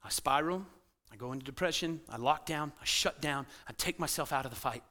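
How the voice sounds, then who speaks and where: Animated preacher with a bright, high voice. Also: male voice, a little fast. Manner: animated preaching, swinging between loud emphasis and hushed intensity. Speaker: pastor. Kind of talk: sermon. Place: church sanctuary.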